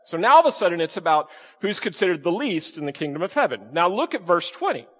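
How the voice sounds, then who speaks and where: A man's voice: high-pitched, very animated, fast talker, fairly bright tone, husky, long reverb tail. A man preaching a sermon to his congregation, quizzing them with frequent questions and playful asides. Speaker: pastor. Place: church sanctuary with congregation.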